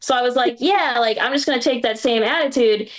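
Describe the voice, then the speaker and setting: A woman's voice: a little high, brisk. A young woman from the Boston area telling a rambling stand-up story, full of "like" and little laughs. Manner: rambling, filler-heavy storytelling with lots of "like" and laughs. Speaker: stand-up comedian. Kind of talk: stand-up set. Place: small live comedy venue with audience.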